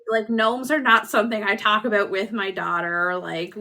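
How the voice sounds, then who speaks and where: A Canadian woman co-hosts a podcast and tells a story in relaxed chat. Her voice is bright and ringing. She acts out quoted lines with lots of laughter. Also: mid-range voice, moderate pace. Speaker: podcast co-host.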